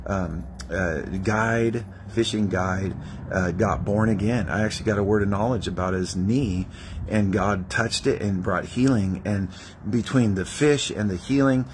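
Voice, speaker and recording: A low-pitched man preaching a testimony-style sermon. He tells his stories with animated energy and acts out the prayers and conversations as he goes. There is a faint hiss behind his voice. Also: normal speed. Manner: animated storyteller, acting out prayers and dialogue. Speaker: evangelist preacher.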